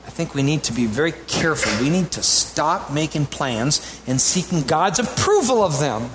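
A man delivers a sermon in a somewhat raised, animated voice, climbing to emphatic peaks before dropping into easy conversational asides with his congregation. A faint room ambience sits behind him. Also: a little high, normal speed, background noise. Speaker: pastor.

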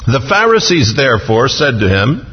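Husky-voiced man preaching in a hall. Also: mid-range voice, sing-song. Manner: expository preaching, slowing down to stress scripture. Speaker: pastor. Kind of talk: sermon. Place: church sanctuary. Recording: dull, reverberant hall sound.

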